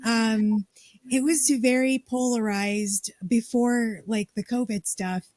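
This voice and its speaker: A woman's voice: on the high side, steady tone, slow pace, a little mellow, dry recording. A woman from Colorado, a state party chair, telling her story in a casual interview and acting out the dialogue.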